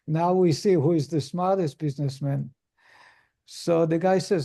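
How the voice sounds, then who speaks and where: Mellow-voiced rabbi telling a story. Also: male voice, on the high side, normal speed, vocal fry. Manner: acts out characters in the story, with frequent restarts and filler words. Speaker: rabbi teaching a Torah lesson. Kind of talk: storytelling in a lesson.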